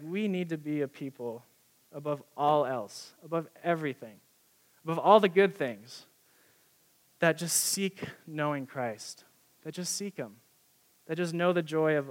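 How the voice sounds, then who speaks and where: A young man preaching a sermon in a casual, excited, conversational way, with many fillers. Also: on the high side.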